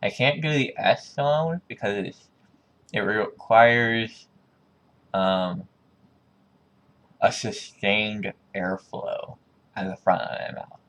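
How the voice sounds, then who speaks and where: Slow, low-voiced man musing aloud. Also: fairly bright tone. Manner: musing, repeating words to test his pronunciation. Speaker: video creator. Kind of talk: casual thinking aloud.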